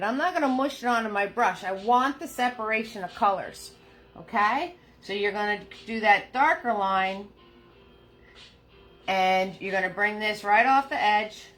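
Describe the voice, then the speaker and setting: A woman with a New Jersey accent who drops her R's, leading a live painting class, chatty and quick to laugh as she greets viewers by name. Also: mid-range voice, fairly bright tone, low-quality recording. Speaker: painting instructor.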